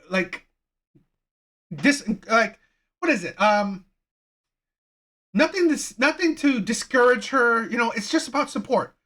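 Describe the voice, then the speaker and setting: A man's voice: very high-pitched, bright, forceful tone. A man hosting a reaction channel, ranting heatedly with frequent profanity and repeated phrases. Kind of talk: reaction commentary rant.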